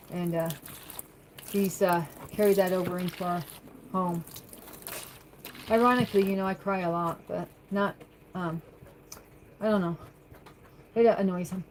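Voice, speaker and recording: Standing at her kitchen sink at home, a woman chats on a livestream, reading viewer comments aloud and answering them in a rambling way. Her voice is medium-pitched, and the rough recording has a little hiss or hum.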